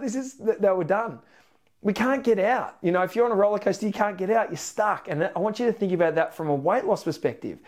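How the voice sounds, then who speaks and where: An Australian man in his thirties hosts a motivational podcast, his voice sitting a touch higher than most men's. He talks with a storyteller's energy and jumps up in excitement to press his points. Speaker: podcast host, weight loss coach.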